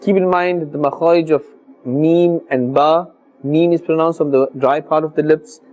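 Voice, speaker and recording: A man teaching Quran recitation on a televised religious lesson, speaking formally and earnestly and sounding out letters slowly and carefully. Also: fairly high pitch, steady tone, darkish tone.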